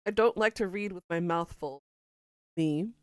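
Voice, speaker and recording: A woman's voice: lowish voice, a little slow, darkish tone, clear, resonant tone, no echo, clean studio sound. A woman streamer in casual live-stream chat, playful and bawdy, reading out chat quotes and laughing along. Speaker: game streamer.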